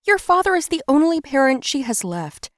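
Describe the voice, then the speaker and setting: A woman voicing a patient mother who calmly reasons with and coaxes an upset daughter. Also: high voice, normal speed, no echo, clean studio sound, pitched above the performer's own voice. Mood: soothing. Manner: calm, coaxing, reasoning.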